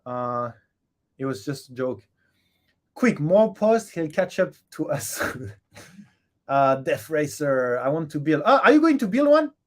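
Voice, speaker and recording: A man's voice: fairly high pitch, very animated, unhurried, long pauses. Chatty man hosting a live Q&A. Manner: hesitant, many fillers and restarts, chuckling. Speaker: host of a live Q&A stream. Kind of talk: casual live-stream chat, reading viewer comments aloud.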